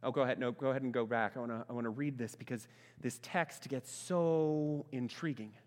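A man preaching a sermon as a pastor, speaking emphatically and swinging between loud passages and hushed ones. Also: mid-range voice, a little fast. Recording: long reverb of a large hall.

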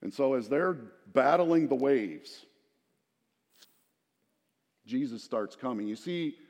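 A middle-aged man giving a sermon, talking with his listeners, breaking into asides and retelling the scene as a story. His voice sits a little high for a man. The sound trails off in a long hall reverb. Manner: conversational, storytelling preacher with asides to the congregation. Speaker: pastor.

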